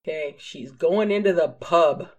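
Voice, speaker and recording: A woman's voice: on the low side, measured pace. A woman casually reacting to a period drama with playful exclamations and giggles.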